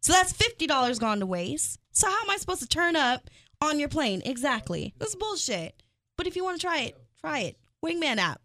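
A woman's voice: high voice, big pitch swings, fairly quick, pushed and bright. A woman hosting a radio chat show, brash and profane. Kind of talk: casual chat.

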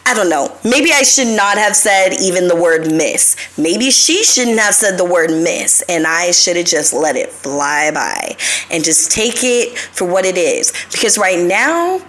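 A woman's voice: mid-range voice, expressive, a little slow, fairly bright tone. A young adult woman hosting a live show, telling stories in a casual, confessional way, swearing freely and talking straight to her listeners.

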